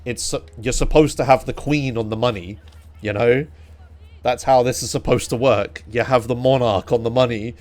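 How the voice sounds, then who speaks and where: A young man from England chatting casually on a live stream, ranting in disbelief with lots of swearing and laughter. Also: mid-range voice. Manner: animated, incredulous ranting with frequent swearing and laughs.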